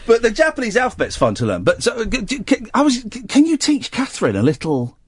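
A man's voice: extremely high pitch, huge pitch swings, quick pace, slightly rough, no echo. A man hosting a late-night radio talk show, rambling and joking with his guest and laughing often on a studio mic. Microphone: studio microphone.

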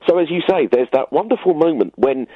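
A man tells a hesitant, rambling story on a radio show. His voice is slightly husky and sounds dull and muffled, as if through a lo-fi line. He keeps a fairly ordinary middle pitch. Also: animated, brisk, no room sound. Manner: rambling anecdote-telling with hesitations. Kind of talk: casual radio chat.

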